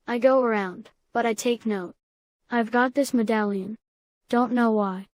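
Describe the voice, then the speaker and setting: Boy lead, scared but thinking hard, stammers; woman reader voicing him, slightly high, dry close sound. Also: darkish tone, no echo, close to an everyday voice. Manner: halting, stammering. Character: scared, clever boy Simon trapped in tunnels.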